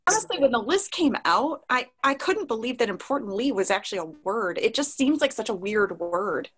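A woman's voice: fairly high pitch, expressive, a little fast, fairly bright tone, slightly rough. A woman chatting casually in a web conference discussion, full of likes and restarts.

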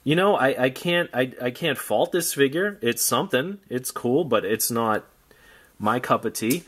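A man's voice: mid-range voice, expressive, measured pace, fairly bright tone, slightly rough. A man giving casual unboxing commentary on old action figures, rambling with wry, jokey asides. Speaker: toy collector vlogger.

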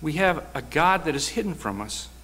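Male preacher, slightly high voice, earnest sermon delivery. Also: lively intonation, normal speed, bright, forceful tone, slightly rough.

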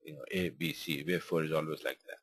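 A man's voice: extremely low pitch, fairly even intonation, fast, a bit bright, slightly rough, no room sound. A man hosting a forex trading webinar, talking casually over charts in loose, rambling English full of fillers. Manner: rambling and informal, many fillers. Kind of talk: live webinar chart commentary.

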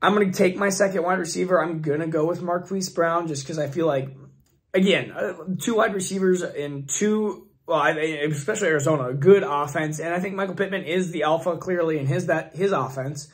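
A man hosting a fantasy football channel, his voice hoarse and failing, rambling through mock draft picks in casual commentary. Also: fairly high pitch, a little fast. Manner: rambling, restarts often, thinks aloud.

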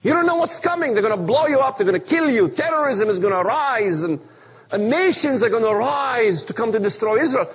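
A man preaching an impassioned sermon, emphatic and repetitive in a husky voice. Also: very high-pitched, animated, a little fast. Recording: echoey hall.

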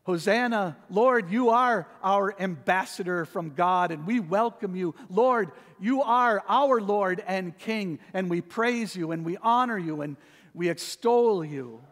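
Male pastor, unhurried sermon delivery with dramatic soft-to-loud swings, reverberant sanctuary. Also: high voice. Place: church sanctuary.

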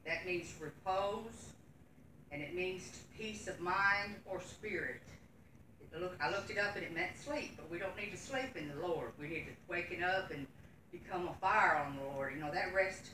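A middle-aged woman teaching a Sunday school class, speaking earnestly and homely as she reads scripture. Her voice is low-pitched and bright, picked up from a distance in an echoing church room with faint background ambience. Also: normal speed, a little hiss or hum. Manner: earnest, folksy, nervous, reading scripture aloud. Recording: echoey room from far off.

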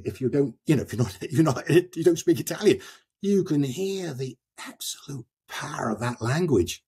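An older man, an author, talking with passion about poetry and reading verse aloud with slow, dramatic emphasis. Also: mid-range voice, slightly rough. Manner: expressive, reads verse aloud slowly and dramatically. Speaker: author and guest. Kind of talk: passionate literary discussion.

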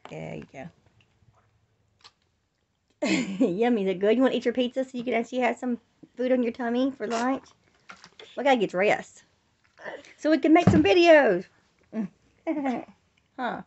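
A woman's voice: a little high, lively intonation, measured pace, gravelly, pauses often, darkish tone, dull audio. A young woman filming a casual family vlog at home, talking playfully to her toddler in coaxing baby talk and laughing often. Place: home, on the floor indoors.

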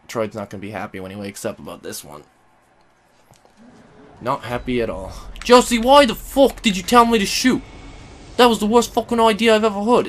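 A man doing angry let's-play commentary, swearing constantly and swinging between yelling and grumbling. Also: mid-range voice, a little hiss or hum. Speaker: gaming video host.

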